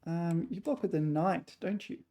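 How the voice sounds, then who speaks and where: A woman works through chess puzzles out loud in a low, gravelly voice, a touch hoarse. She mutters her calculations in short fragments at an unhurried pace, and her tone stays dark and mellow. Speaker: chess player. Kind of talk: thinking aloud while solving chess puzzles.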